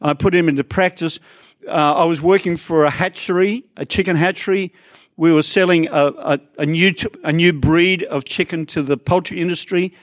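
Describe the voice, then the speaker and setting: A man preaches a sermon to his congregation in a church. His voice sits a bit high for a man and sounds dry and close to the mic. He keeps it conversational, with asides to people in the pews. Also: fairly even intonation, normal speed, no echo. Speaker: pastor.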